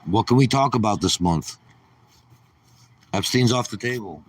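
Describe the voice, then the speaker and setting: A man's voice: lowish voice, expressive, a little slow, recorded from a distance, slight background noise. A man hosting a casual livestream, ranting sarcastically and swearing as he rambles. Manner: sarcastic, profane rambling rant. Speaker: livestream host.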